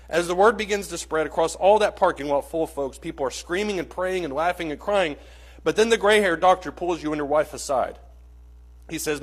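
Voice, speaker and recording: A man's voice: fairly high pitch, fairly quick. A man teaching a church Bible class, telling a dramatic story in an earnest, vivid way and speaking straight to his listeners.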